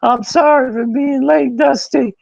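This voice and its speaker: A young wrestler, flustered and pleading, piling up excuses in a voice pushed far above a normal speaking pitch, as a man puts him on. The tone is strained and a bit gravelly, and the recording is dry. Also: steady tone, unhurried, a little mellow, no echo, muffled recording, exaggerated voice. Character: panicked young male wrestler, late and apologetic.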